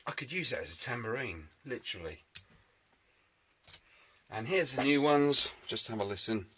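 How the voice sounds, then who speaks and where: A man's voice: medium pitch, animated, normal speed, bright, forceful tone, a little hiss or hum. A man with a chatty, jokey, self-mocking manner, talking casually to camera as he works in his home shed restoring a scooter. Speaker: motorbike restoration vlogger.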